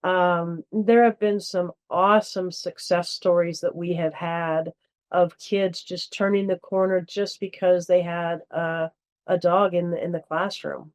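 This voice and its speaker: A woman guest and charity board member talking in a casual interview, halting with many fillers. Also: on the low side, level tone.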